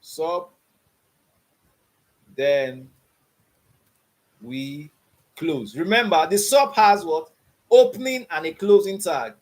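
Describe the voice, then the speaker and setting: High-voiced man teaching coding. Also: animated, slow, long pauses. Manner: repeats "you understand what I'm saying?" and quizzes with "what?". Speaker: coding instructor. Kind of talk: online coding class.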